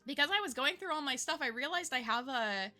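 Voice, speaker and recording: A woman's voice: high-pitched, lively intonation, a little fast, pushed and bright, faint music behind. A woman streamer in casual chat who laughs often and swears casually.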